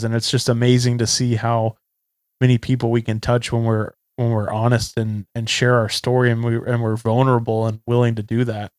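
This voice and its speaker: A man's voice: mid-range voice, little pitch movement, brisk, a little mellow, no room sound, studio quality. A young man hosting a recovery podcast, talking in an earnest, conversational way. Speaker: podcast host. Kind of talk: casual chat.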